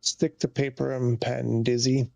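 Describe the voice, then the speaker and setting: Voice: mid-range voice, flat delivery, measured pace, vocal fry, warm tone, no room sound. A flight sim streamer talking to themselves during live gameplay, muttering, sighing often and getting easily frustrated.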